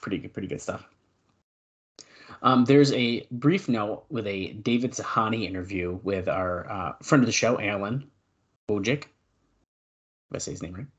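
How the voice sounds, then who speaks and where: A male podcast co-host in casual chat, reading out old news notes and adding quick asides. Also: lowish voice, dull audio.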